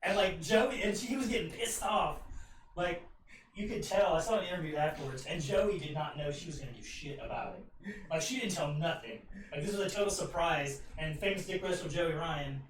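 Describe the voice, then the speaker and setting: An excited man in casual podcast chat who leans on fillers and swears freely. His voice sits high for a man. It comes through very echoey and distant, with faint noise behind it. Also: a little fast.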